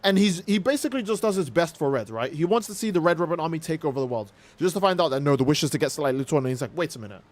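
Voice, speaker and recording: Young male streamer, slightly high voice, excitable and cussing, rambling chat. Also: racing, hardly any pauses. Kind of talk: casual livestream commentary.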